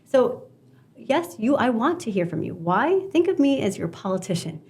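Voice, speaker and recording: A woman guest on an interview show, talking earnestly and animatedly, with quick asides. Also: fairly high pitch, big pitch swings, darkish tone. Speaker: guest, media strategist. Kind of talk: conversational interview storytelling.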